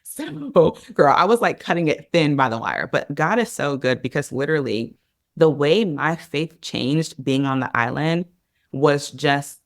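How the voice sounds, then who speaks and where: A woman's voice: deep voice, normal speed, no room sound. Chatty woman telling a story, dry sound. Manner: animated, chatty, heavy use of "like" and "girl". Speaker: podcast guest. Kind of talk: casual storytelling in an interview.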